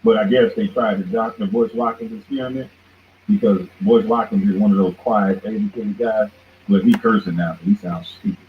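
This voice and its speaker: Steady in tone and moderate in pace, a show host with a lowish voice delivers a heated, confrontational monologue. He keeps jabbing at his target as "boy," over a tinny, phone-like line carrying faint noise.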